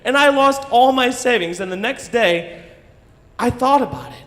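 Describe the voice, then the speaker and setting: A man telling a story live on stage in an animated, profane way, often checking in with "right?". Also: extremely high pitch, moderate pace. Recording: long hall reverb.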